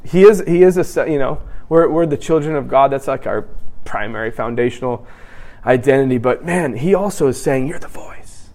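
A man preaching a sermon in an animated way, acting out scripture scenes in different voices. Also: medium pitch, fairly quick.

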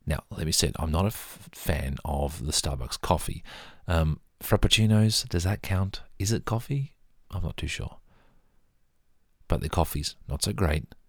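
An Australian vlogger with a deep, animated voice speaks a little slowly in a clean, echo-free studio recording. He rambles casually through his mug collection, poking fun at himself in a relaxed show-and-tell monologue.

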